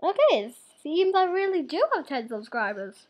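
A woman's voice: high-pitched, big pitch swings, moderate pace, noisy background. A young woman, in her teens, hosting a casual gaming video with chatty, giggly, teasing talk. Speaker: gaming channel host.

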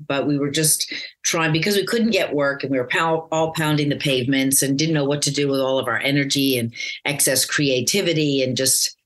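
Middle-aged american woman, really low voice, chatty and rambly, lots of ums. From United States. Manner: rambling, warm storytelling with many fillers and restarts. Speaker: actress guest. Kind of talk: casual interview chat.

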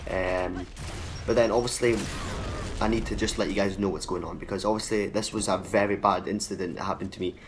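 A young man commentating his own gameplay for his channel, excitable and swearing freely as he talks at the players on screen. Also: low voice, brisk, slight background noise. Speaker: gaming channel host. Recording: game sounds under the voice, clearly audible.

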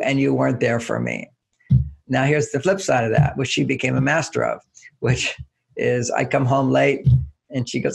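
This older man, interviewed informally about relationships as an author, has a medium-pitched, steady voice delivered at a moderate pace. It's creaky with a breathy edge, and he illustrates points with everyday examples, raising his voice to act out small quotes.

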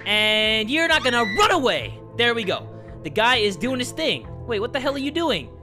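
Loud, excitable man swearing at a game. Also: very high voice, moderate pace, faint music behind. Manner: loud, swearing, bursts of shouting and laughter. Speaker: gaming YouTuber. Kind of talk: excitable let's-play commentary.

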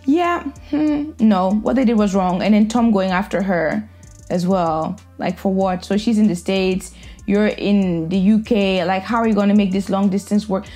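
A woman's voice: mid-range voice, normal speed, mellow, faint music behind. A woman vlogger giving casual, opinionated reaction commentary in a blunt, sassy way.

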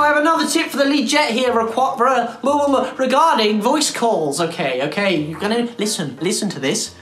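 A woman's voice: low-pitched, a bit bright. A woman hosting a casual game tutorial, chatty and emphatic, with blunt slang. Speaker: gaming tutorial host. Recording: echoey room with faint music.

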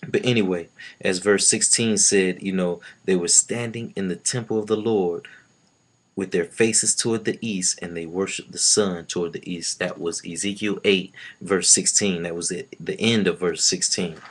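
A man's voice: low voice, fairly even intonation, moderate pace. A man giving an informal Bible teaching, earnest and loose, with many filler words. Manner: earnest, with frequent "you know" fillers. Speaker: preacher.

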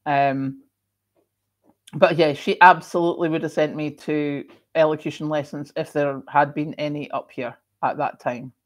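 With a low pitch, fairly even intonation and a normal speed, a middle-aged woman from Scotland hosts a livestream. She has a moderated Scottish accent and reads out viewer comments in casual chat, often coughing and saying "um."

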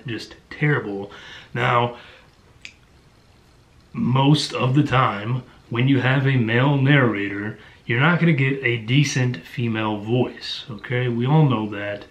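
A man giving casual audiobook reviews, blunt and exasperated, with lots of ums and uhs. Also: mid-range voice. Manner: blunt, exasperated, with many fillers. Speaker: book reviewer.

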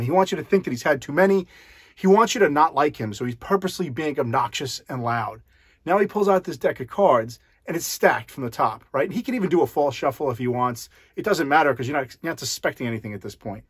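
A man walks the viewer through a card scam in a chatty, direct way. His voice is slightly high with a husky edge, and the sound is dry and close. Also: no room sound. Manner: conversational, addresses the viewer directly. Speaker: magician explaining a con. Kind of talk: explanatory talk to camera.

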